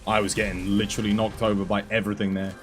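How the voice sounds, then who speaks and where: A hoarse man, losing his voice, giving chatty, self-deprecating commentary while coaching other players through a game. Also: fairly low pitch, flat delivery, racing, faint music behind. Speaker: gaming streamer coaching players. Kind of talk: casual gameplay commentary.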